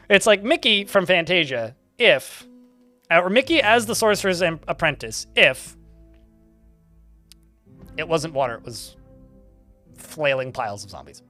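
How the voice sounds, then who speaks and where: Guy streaming a game, bright voice that swings up and down a lot, laughs and cusses casually, faint music behind. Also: on the high side, very animated, a little slow, long pauses. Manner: chatty, laughs often, swears casually. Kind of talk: casual gameplay commentary.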